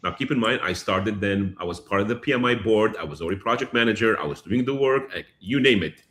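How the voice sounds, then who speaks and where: A man being interviewed, telling a personal story in a lively way and acting out what people said. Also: fairly low pitch, quick pace. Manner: animated, acts out dialogue, repeats phrases. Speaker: guest.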